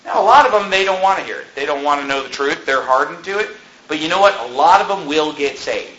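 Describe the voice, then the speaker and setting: A man preaching a sermon as pastor, animated and conversational, firing off rhetorical questions to his congregation. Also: a little high, fast talker, roomy sound, lo-fi sound. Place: church.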